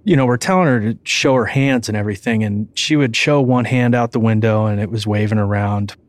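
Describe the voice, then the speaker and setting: A man, a police detective, recounting an incident in an interview in a steady, matter-of-fact way. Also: lowish voice, fairly quick.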